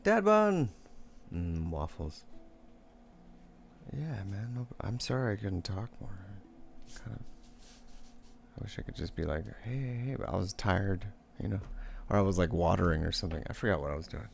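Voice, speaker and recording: A young man with a low, gravelly voice talks casually while he paints live at home. His manner is laid-back and rambling, full of swearing and easy laughter, with a faint hum of the room behind him. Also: animated, moderate pace, long pauses. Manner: laid-back, swears often, laughs a lot, many fillers.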